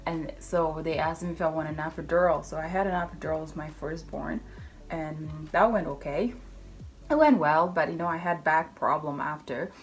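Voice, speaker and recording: A woman's voice: low voice, moderate pace, faint music behind. A young woman telling a personal story in a casual vlog. She acts out the voices of the people in her story and speaks loosely worded English. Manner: English not fully fluent, loose grammar. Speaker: vlogger.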